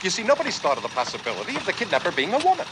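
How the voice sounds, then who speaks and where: A man's voice: high-pitched, huge pitch swings. A man playing a talkative young man eagerly sharing his theories, in 1950s film acting. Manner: eager, rapid-fire. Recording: old film soundtrack with street noise.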